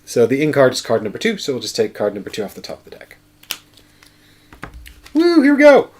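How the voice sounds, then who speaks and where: A man's voice: mid-range voice, racing, a little mellow, a little hiss or hum. Man, game show host, casual playthrough, thinks aloud, mid-range voice. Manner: chatty, thinks aloud, counts moves.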